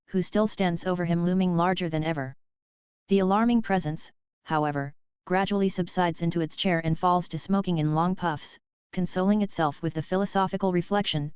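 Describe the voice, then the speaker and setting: A woman narrating a classic novel as an audiobook, in a measured, unhurried reading. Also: lowish voice, steady tone, a little mellow, clean tone, dry recording. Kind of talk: scripted narration.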